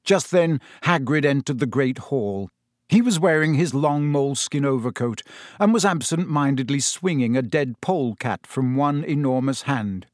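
A man narrating an audiobook chapter in a lively, expressive way. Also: medium pitch, moderate pace, dry recording, clean studio sound.

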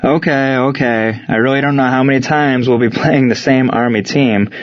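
A composed male wartime baseball coach, read by a man, speaks in plain, measured sentences meant to steady his players. The voice sits at an everyday middle pitch. The recording is slightly dull and lo-fi. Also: natural voice. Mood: calm.

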